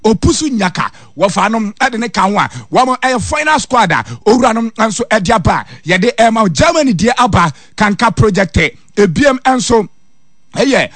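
A man's voice: high voice, animated, normal speed, a bit bright, no echo. A man with a Ghanaian accent presenting sports news and reading adverts on radio in a rhythmic, sing-song way.

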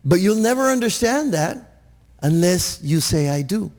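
A man's voice: sits high, lively intonation, measured pace, darkish tone. A man preaching a sermon in church, earnest, often restarting his words and asking "Amen?". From Texas, USA. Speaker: pastor.

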